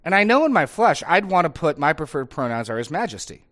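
A man's voice: fairly high pitch, sing-song, quick pace, a bit bright. A middle-aged man, a pastor, talking in a casual discussion, conversational and thinking aloud with frequent restarts and tag questions.

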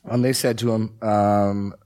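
A man teaching through a Bible passage in a casual discussion, with animated, sarcastic asides. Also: fairly low pitch, unhurried.

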